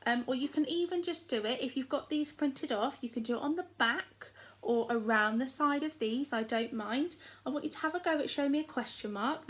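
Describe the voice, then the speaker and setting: A young woman with an English accent, a primary school teacher giving a recorded lesson in a slow, clear, encouraging way to small children. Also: fairly high pitch, low-quality recording.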